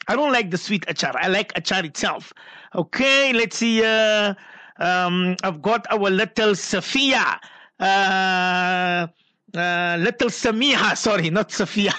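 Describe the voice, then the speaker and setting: Male radio presenter, high and bright, casual and chatty, thinks aloud on air. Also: no room sound. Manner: chatty, muses aloud and stumbles over pronunciations. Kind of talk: casual on-air chat reading listener messages.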